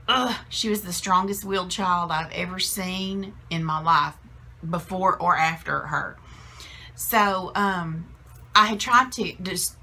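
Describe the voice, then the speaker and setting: A woman's voice: lowish voice, sharp tone. A middle-aged woman telling a family story in a casual, chatty way, with many fillers and restarts.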